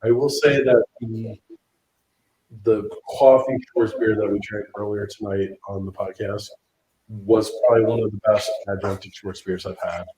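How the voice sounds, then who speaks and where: Low-voiced man giving firm opinions. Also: fairly even intonation, moderate pace, dark tone, a little hiss or hum, low-quality recording. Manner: opinionated and emphatic. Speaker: podcast co-host. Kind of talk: casual chat over beers.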